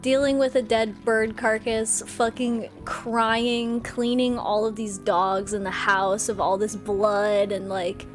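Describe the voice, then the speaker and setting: A young woman streamer telling a story to her viewers in a casual, excitable way, swearing a lot. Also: a little high, takes it slowly, hardly any pauses, soft background music.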